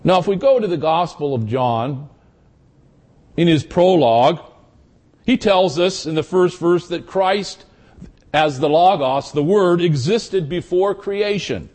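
Male Bible teacher, higher voice, unhurried expository delivery, measured phrasing. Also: lively intonation, darkish tone. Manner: slow, measured, deliberate phrasing.

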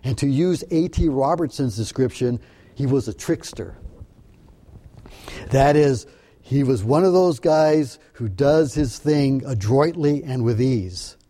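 A man delivering a Bible-study sermon, explaining the text in an earnest, searching way. His voice is mellow and warm, at an ordinary middle pitch. He often stumbles and repeats words before pressing on. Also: expressive. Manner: earnest, halting with repeated restarts. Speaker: preacher. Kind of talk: sermon-style Bible teaching.

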